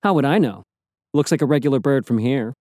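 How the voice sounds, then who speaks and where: A man's voice: mid-range voice, lively intonation, a little fast, mellow, no room sound, clean studio sound, close to an everyday voice. A man reading an audiobook, voicing a watchful, blunt female unicorn familiar. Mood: matter-of-fact.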